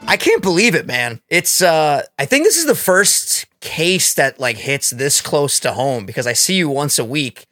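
A man's voice: a little high, very animated, moderate pace, hardly any pauses, bright, forceful tone, no echo, faint music behind. A young man hosting a podcast, chatting in a friendly, sympathetic way with his co-host. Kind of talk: casual podcast chat.

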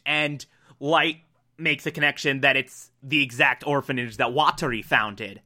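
An anime fan recaps an episode in a relaxed, chatty way. The voice is bright and forceful, and the delivery is unhurried and full of fillers. The speaker keeps slipping into quick impressions of the characters. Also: mid-range voice. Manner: animated, fillers like "like" and "uh", acts out quotes. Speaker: anime reviewer. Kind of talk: casual episode breakdown.

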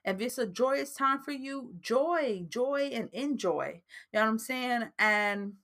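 She's a New Jersey woman with the accent to match, hosting a casual faith-based advice podcast in a chatty, repetitive style full of fillers. Her voice is on the high side, expressive and fairly bright, and she takes her time speaking.

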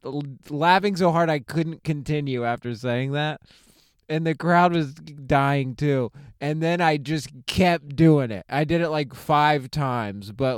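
A young man rambles through a profane solo comedy podcast from the driver's seat of a parked car, laughing at his own jokes as he goes. His voice is smooth and clear. The sound is dry and close, with no room around it. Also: fairly high pitch, no room sound.

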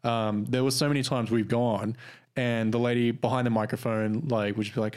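A man's voice: medium pitch, brisk. A man with an Australian accent, co-hosting a podcast and casually recounting stories, acting out the people in them. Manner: relaxed storytelling, acts out quoted customers. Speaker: podcast co-host. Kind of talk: casual chat.

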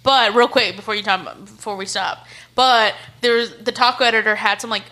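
A woman's voice: on the high side, fairly even intonation, normal speed, bright, forceful tone. A woman co-hosting a podcast in casual chat, rambling and laughing, with some swearing. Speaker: podcast co-host. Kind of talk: casual chat over beers.

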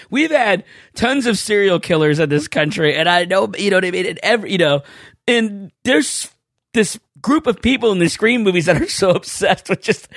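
A man's voice: high voice, no echo. Rambling man on a dry podcast mic. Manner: rambling storyteller, animated when quoting people. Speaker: podcast co-host. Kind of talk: casual chat.

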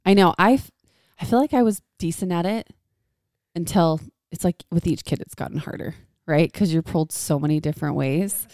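A woman's voice: on the low side, brisk, darkish tone, dry recording, studio quality. A woman in her thirties, a podcast co-host, chatting candidly about parenting and laughing often. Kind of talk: casual chat.

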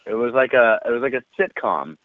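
Dude on a tinny phone line spinning a wild story, kinda low voice, dry sound. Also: male voice, fairly quick, no echo. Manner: animated, profane anecdote teller with frequent laughs. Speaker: guest. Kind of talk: casual storytelling.

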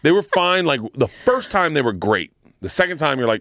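A man's voice: a little high, big pitch swings, normal speed, a bit bright, no room sound, clean studio sound. A middle-aged man, a comedian guest, telling stories in casual podcast chat, acting out quotes and breaking into big laughs.

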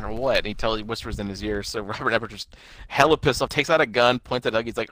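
A man's voice: on the low side, fairly even intonation, quick pace, sharp tone, dry recording. A young man casually recapping a TV episode, laughing often and acting out the characters' lines. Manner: laughs often, acts out quotes in bursts.

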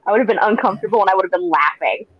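A woman's voice: mid-range voice, racing, husky, no room sound. A woman co-hosting a podcast in casual chat, with enthusiastic, laughing asides. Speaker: podcast co-host. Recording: dry, dull lo-fi audio.

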